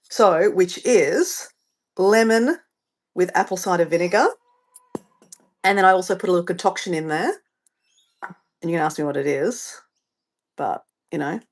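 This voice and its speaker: A woman's voice: fairly low pitch, moderate pace, long pauses. A woman with an Australian accent, from Southeast Queensland, chatting casually while hosting a livestream from her home and rambling off on tangents. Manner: rambling, chatty, easily sidetracked. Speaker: livestream host. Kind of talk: casual live-stream chat.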